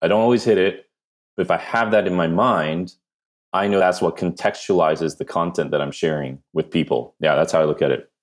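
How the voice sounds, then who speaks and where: A man with a New Jersey accent, a podcast guest giving animated, self-deprecating answers in casual conversation. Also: low voice, a little fast. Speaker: podcast guest, brand strategist.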